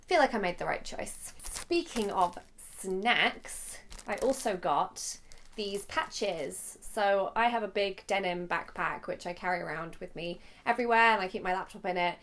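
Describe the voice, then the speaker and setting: A young woman vlogger with a mid-range, fairly bright voice talks through a shopping haul. Her casual vlog is gushing and chatty, and she gets emotional easily.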